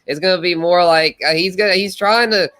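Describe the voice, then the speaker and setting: A man with a slightly high, bright voice talks through his points in a rambling, restarting way. It is a casual podcast chat among friends. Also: brisk. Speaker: podcast co-host.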